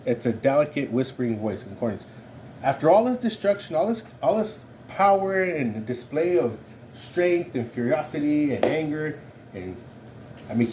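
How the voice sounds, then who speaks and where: A man's voice: on the high side, a little mellow, a little hiss or hum. A man leading an informal Bible study, talking it through conversationally and often checking in with "right?". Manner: conversational, keeps asking "right?". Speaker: Bible teacher.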